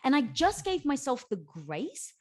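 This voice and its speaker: A woman speaking as a podcast guest, bubbly and quick to laugh, moving from excited squeals to low, earnest explanation. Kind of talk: animated interview conversation.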